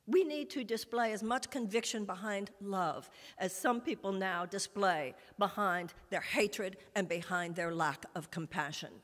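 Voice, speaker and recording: A woman delivers a rousing, emphatic speech, hammering home repeated phrases. Her voice is bright and forceful. It rings out with long reverb across a large conference hall. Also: medium pitch, unhurried, hardly any pauses. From United States. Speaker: conference speaker. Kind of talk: impassioned rally speech.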